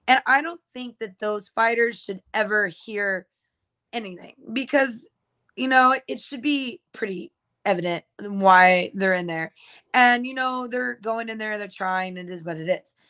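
A woman's voice: mid-range voice, pushed and bright. A young woman co-hosting a casual podcast, talking freely with lots of fillers and restarts. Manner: chatty, many fillers and restarts. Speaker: co-host.

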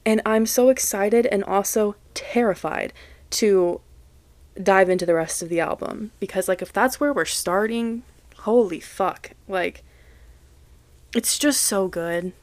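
Young woman rambling on her podcast, super emotional, swears a lot, lowish voice, dry close mic. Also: no room sound. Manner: emotional, gushing, swearing freely. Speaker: podcast host. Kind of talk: casual solo podcast talk.

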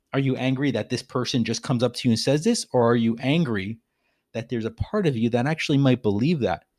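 A man's voice: mid-range voice, no echo, studio quality. A man hosting a reflective business talk, speaking earnestly and repeating phrases for emphasis. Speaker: podcast host.

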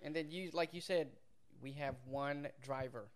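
A man's voice: fairly high pitch, moderate pace. A young man in casual chat who tells his own work stories and often answers with short agreements. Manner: chatty, backs up others with short agreements.

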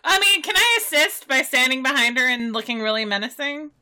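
A woman's voice: high voice, a little fast, bright, forceful tone, slight background noise. A woman player in a tabletop game, talking casually, eager and full of questions.

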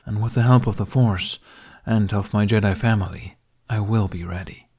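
A man's voice: on the low side, normal speed, darkish tone, slightly rough. A man voicing a grown male Jedi who speaks in a formal, earnest way.

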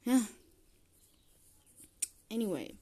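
Young woman, solo podcast host, unhurried, dark mellow voice, rambling, self-correcting. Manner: meandering, self-deprecating, trails off and restarts.

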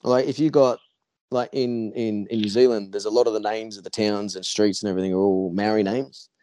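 Male Aussie guest, low and nasal, loose rambling talker, recorded dry. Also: steady tone, a little fast, mellow, dry recording. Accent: Australian. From Australia. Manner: rambling, profane, with many restarts. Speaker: podcast guest. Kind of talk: casual podcast chat.

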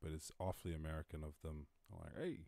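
A low-voiced Irish man hosting a casual livestream, talking close to the mic. He rambles, swears freely and laughs at his own jokes. The sound is dry and close. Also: normal speed, darkish tone, dry recording. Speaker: podcast host.

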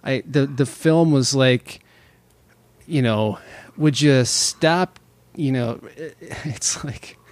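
A man's voice: mid-range voice, drawn-out words, no room sound. A man chatting casually as a podcast co-host, swearing freely and joking with exasperation.

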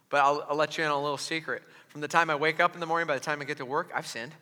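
A man's voice: on the high side, steady tone, very fast, sharp tone. A man preaching a sermon as a pastor, conversational and joking, with frequent restarts. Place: large church hall. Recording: long reverb of a large hall.

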